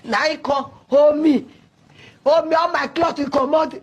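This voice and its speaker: Distraught high-voiced woman with Pidgin accent. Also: fairly even intonation, unhurried, lo-fi sound. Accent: Nigerian Pidgin. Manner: distraught, voice breaking into cries and shouts. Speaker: caller recounting an ordeal. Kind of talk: emotional storytelling in Pidgin.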